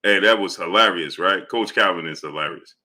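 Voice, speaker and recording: On a live boxing stream, a man briskly analyzes fights and greets viewers in chat with low, mumbled shout-outs. His commentary is animated and peppered with "right?" and "you understand?" between points.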